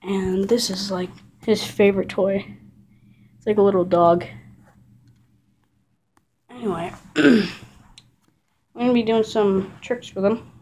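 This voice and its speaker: Casual female vlogger at home, mid-pitched and rambling, filmed on a handheld camera. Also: fairly even intonation, takes it slowly, long pauses, a little hiss or hum. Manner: chatty, rambling, breaks off to scold the dog loudly. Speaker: vlogger showing her dog. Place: living room of a house. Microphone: handheld camera, filmed one-handed.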